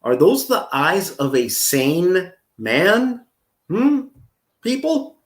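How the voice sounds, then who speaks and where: Male commentary host, mocking and taunting, lively slightly high pitch. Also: roomy sound. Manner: sarcastic, drawn-out, taunting.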